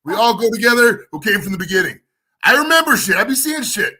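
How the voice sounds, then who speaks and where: An American man hosting a live stream podcast, ranting in casual profane chat and shouting when worked up. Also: high-pitched, sing-song, fast, breathy edge. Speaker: podcast host.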